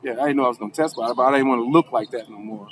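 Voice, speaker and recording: Man, mid-pitched, conversational storyteller who circles back and restarts a lot, faint background hiss. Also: racing. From Alabama, USA. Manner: rambling, with restarts, acting out quoted people in a raised voice. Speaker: former defendant telling his story. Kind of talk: casual spoken storytelling.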